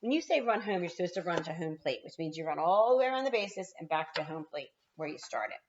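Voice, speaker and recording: A kindergarten teacher reading a picture book aloud to her class, animated and talking straight to the children. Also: low-pitched, fast talker, lo-fi sound, a little hiss or hum. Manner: animated, talks straight to the kids.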